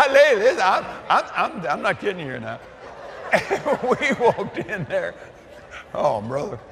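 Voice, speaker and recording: A man's voice: high voice, sing-song, takes it slowly, vocal fry, noisy background. An older man preaching, telling a story with laughter and folksy asides. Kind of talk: sermon storytelling. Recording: echoey hall reverb.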